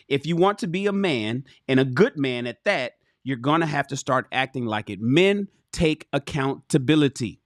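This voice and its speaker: A man with a voice on the high side hosts a livestream, reading from a relationship book. Captured in studio quality without echo, he breaks off into emphatic, profane, animated commentary addressed directly to chat.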